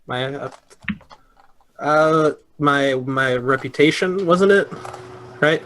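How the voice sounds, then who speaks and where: A man's voice: fairly high pitch, takes it slowly, fairly bright tone, slight background noise. A man playing a tabletop game in a laid-back, hesitant way. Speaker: player. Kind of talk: casual tabletop play.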